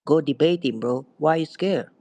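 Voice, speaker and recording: A man's voice: a little high, normal speed, a little mellow, no echo. A man raised in France, calling in to argue, taunting and profane, repeating himself. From Ethiopia, raised in France. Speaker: caller. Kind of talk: heated call-in argument.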